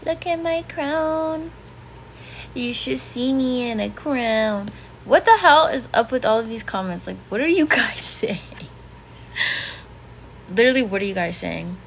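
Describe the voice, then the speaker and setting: A woman's voice: a little high, moderate pace, creaky, fairly bright tone, a little hiss or hum. A woman in her twenties on a casual home livestream, reading chat comments aloud and reacting bluntly. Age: 20s. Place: bedroom at home.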